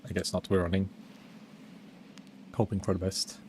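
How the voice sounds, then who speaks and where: A man's voice: low-pitched, flat delivery, moderate pace, a little mellow, slight background noise. A man casually commenting on his own gameplay as a streamer, chatting while eating. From Sweden.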